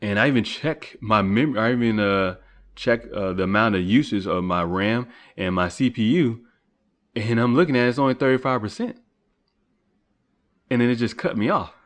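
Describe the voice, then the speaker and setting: A man's voice: fairly low pitch, normal speed. A man hosting a solo podcast, rambling and swearing casually as he rants. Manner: rambling, profane, ranting, voice rising when heated. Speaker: podcast host. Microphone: computer recording setup.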